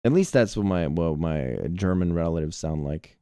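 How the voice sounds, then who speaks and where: A man's voice: sits low, animated, moderate pace, mellow, smooth, dry recording, clean studio sound. A man streaming a game and chatting casually between lines, joking and swearing freely. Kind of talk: let's-play commentary.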